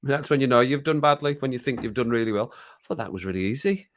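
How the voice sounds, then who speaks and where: A middle-aged man with an English Midlands accent rambles casually to live viewers from his home streaming room, chuckling along the way. His voice sits in the mid-range with a steady tone and a quick pace, and there's a little hiss or hum on the recording.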